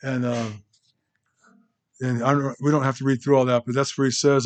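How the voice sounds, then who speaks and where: A man preaching a sermon in a church. He talks in a loose conversational way, breaking off and restarting his sentences, at a middle pitch. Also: flat delivery. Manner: conversational, halting, with restarts and asides. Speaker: pastor.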